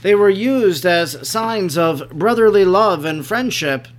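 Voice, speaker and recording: High-voiced male devotional narrator. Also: lively intonation, slow. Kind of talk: scripted narration of a devotional text.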